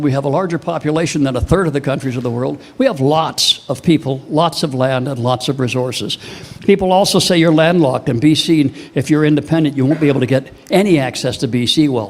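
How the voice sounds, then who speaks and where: A man's voice: fairly high pitch, darkish tone. An older man from Canada giving a blunt, indignant public speech at a town hall event, with folksy turns of phrase. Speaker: speaker at a political town hall.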